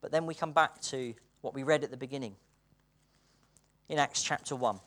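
A British preacher delivering a sermon, earnest, moving between hushed and excited passages and laughing between points. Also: medium pitch, normal speed. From Britain.

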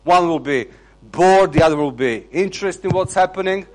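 A man with an Eastern European accent giving a sermon in plain, conversational English with halting, non-native phrasing. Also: high-pitched, a little mellow. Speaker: preacher.

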